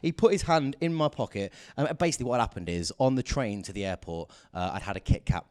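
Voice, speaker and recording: A young man telling a stand-up comedy story, mixing dry deadpan asides with sudden bursts of mock outrage. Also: mid-range voice, fast.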